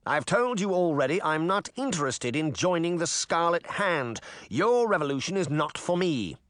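A man's voice: a little high, sing-song, normal speed, a bit bright, no echo, voice pushed up. A man doing a sneering arrogant prince. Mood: scornful. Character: smug scheming prince, adult man. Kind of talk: audiobook character reading.

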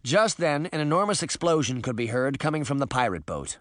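Expressive male audiobook narrator. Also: medium pitch, fairly quick, dry recording, studio quality. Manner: expressive storytelling. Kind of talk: scripted narration.

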